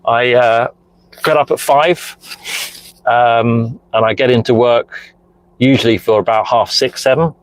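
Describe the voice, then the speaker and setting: A man's voice: mid-range voice, steady tone, unhurried, long pauses, no room sound, rough recording. Chatty middle-aged man in a car. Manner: chatty, rambling, answers viewer messages. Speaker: car diagnostics streamer. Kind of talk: casual live-stream chat while driving. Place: inside a car, parked in a lay-by. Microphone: phone mounted hands-free in the car.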